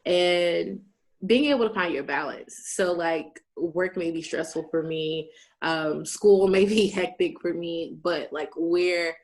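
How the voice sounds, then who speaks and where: A woman's voice: on the low side, slow pace. A woman in her twenties hosting a casual chat, telling stories with animation and acting out the people she quotes. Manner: animated storyteller who acts out quoted people. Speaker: host.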